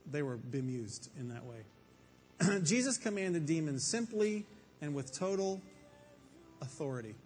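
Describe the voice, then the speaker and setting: A man's voice: on the high side, expressive, a little slow, long pauses, a little mellow. A man preaching a Bible teaching to a room full of people, conversational and emphatic, with rhetorical questions. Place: room with an audience. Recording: faint reverb and background noise.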